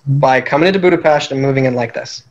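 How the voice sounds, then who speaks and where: A man's voice: medium pitch, quick pace, lo-fi sound. A man casually recapping a strategy game he played, telling it animatedly and laughing at his own schemes.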